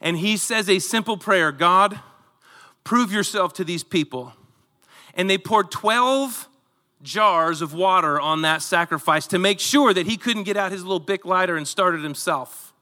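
A man preaching a sermon, telling the story with animated delivery and acting out voices. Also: high-pitched, normal speed, big-room sound. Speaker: pastor.

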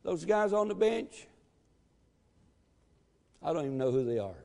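A pastor with a notably high voice delivers his sermon at an unhurried, measured pace. He leans on key words and rises to shouts at the climaxes. The sound carries the long reverb of a church sanctuary. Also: sing-song, gravelly. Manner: emphatic, calls for amens, shouts at peaks.

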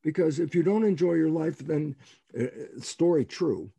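Gravelly, emphatic male storyteller. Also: a little high, moderate pace, no echo. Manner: animated, acts out quoted dialogue; emphatic, rhetorical questions. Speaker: guest biologist. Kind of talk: storytelling in an interview.

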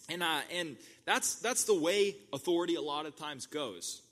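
A man's voice: a little high, animated, normal speed, hardly any pauses, a bit bright, big-room sound. A man preaching a sermon as the pastor of his church, talking in a conversational way and laughing at his own stories.

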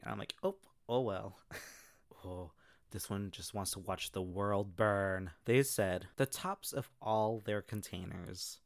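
A man's voice: fairly low pitch, dry recording, clean studio sound. A man hosting a podcast, casually reading online comments aloud and reacting with frequent laughter. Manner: chatty, laughs often between comments. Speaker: podcast host.

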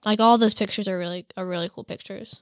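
A woman co-hosting a casual podcast chat, softly spoken and heavy on filler words. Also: medium pitch, steady tone, quick pace, dry recording, clean studio sound. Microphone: studio mic with headphones.

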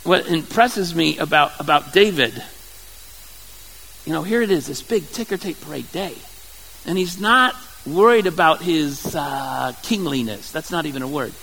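A male preacher with a high voice delivers a sermon in a conversational manner. He often stumbles and repeats words. His voice carries a long hall reverb. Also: moderate pace, creaky, sharp tone, slight background noise. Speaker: pastor.

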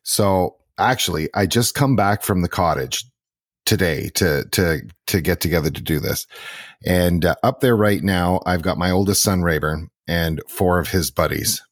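A man's voice: deep voice, normal speed, no room sound, clean studio sound. A man in his forties, hosting a podcast, talking casually and unhurriedly, repeating words as he builds a story. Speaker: podcast host and lodge owner. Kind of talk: casual conversation.

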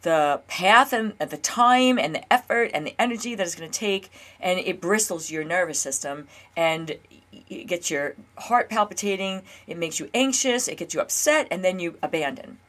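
Woman host, lower-pitched, chatty coaching monologue full of "okay?" check-ins. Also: expressive, moderate pace, a bit bright. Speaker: weight loss coach and podcast host.

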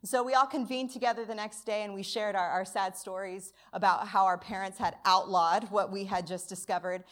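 A woman pastor preaching a sermon at a church service, telling a childhood story with lively acted-out quotes. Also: mid-range voice, brisk.

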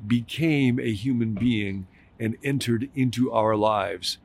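A pastor preaches at a steady, middle pitch, moving through stories and scripture in a reflective way. He slows down and leans on key words when he makes his main points. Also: creaky. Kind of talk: sermon.

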